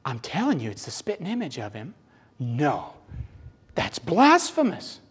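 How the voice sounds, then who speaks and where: Rich: a man putting on a bewildered angel, trading hushed, disbelieving remarks that swing between low murmurs and sudden high exclamations. The voice leaps around in pitch and sits a little higher than usual. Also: huge pitch swings, slow pace, husky, heavily acted. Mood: astonished. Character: awestruck gossiping angels, male-voiced.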